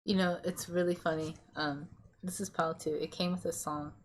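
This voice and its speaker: A woman giving a casual pick-a-card tarot reading, rambling and hesitant with many pauses and restarts. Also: low voice, flat delivery. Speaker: tarot reader.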